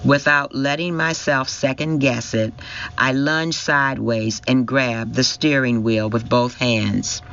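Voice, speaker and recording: Male narrator, slow and intense first-person storytelling, muffled lo-fi recording. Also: medium pitch, fairly even intonation, gravelly, fairly bright tone, a little hiss or hum. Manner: emotional, intense reading. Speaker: audiobook narrator.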